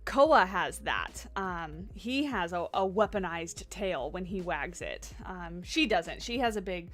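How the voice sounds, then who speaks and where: A woman's voice: on the low side, expressive, takes it slowly, a bit bright. A woman livestreaming a game from her home office, chatting casually and cooing at her dogs. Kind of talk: casual livestream commentary while playing. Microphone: USB condenser desk mic.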